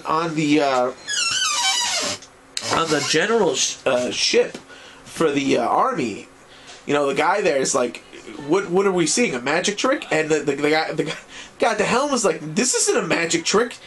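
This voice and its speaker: A man recapping an anime series in a casual video review, rambling and excitable and swearing freely. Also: on the high side, a little hiss or hum.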